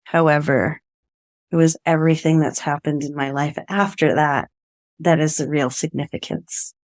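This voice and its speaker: A woman's voice: deep voice, steady tone, moderate pace, no room sound, studio quality. A woman guest telling a personal story in earnest, often laughing and acting out what people said. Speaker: interview guest.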